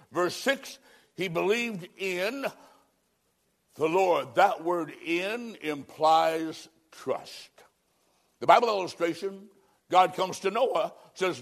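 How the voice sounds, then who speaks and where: High-voiced emphatic male preacher. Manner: emphatic, dramatic delivery with sudden drops to a hush; acts out quoted Bible figures in his own voice. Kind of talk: sermon.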